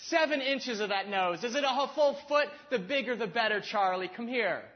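A man voicing an adoring young woman who gushes over her lover in a high, loud, drawn-out voice. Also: animated, dull audio. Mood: adoring, gushing.

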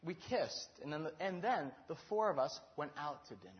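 A man preaching in a storytelling sermon, animated and acting out the voices in his story. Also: fairly high pitch, brisk, hardly any pauses. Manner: animated, acts out quoted dialogue. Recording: dull lo-fi recording.

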